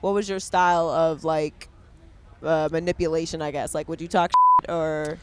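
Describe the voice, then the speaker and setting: Woman, relaxed podcast host, talks loosely, filler-heavy banter. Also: low-pitched, normal speed, noisy background. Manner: chatty, relaxed, uses lots of fillers. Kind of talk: casual interview chat.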